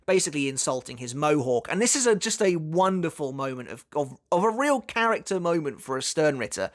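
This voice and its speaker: A man's voice: on the high side, animated, brisk, few pauses. A man casually talking through an anime character analysis for his video channel, chatting along with plenty of fillers and restarts. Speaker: anime commentary YouTuber.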